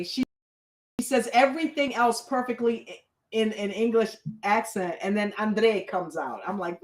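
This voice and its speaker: A woman's voice: medium pitch, moderate pace, echoey room, low-quality recording. A woman hosting a casual reality TV recap, blunt and chatty, swearing freely. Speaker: reaction show host.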